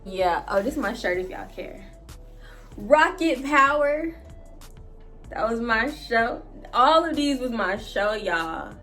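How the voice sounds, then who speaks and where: A woman's voice: on the high side, slow, faint music behind. A young woman, chatting casually to viewers at home about her life and swearing often. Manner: profane, chatty, animated storytelling to viewers. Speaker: vlogger. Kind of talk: casual storytime chat. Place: home, indoors. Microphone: phone camera.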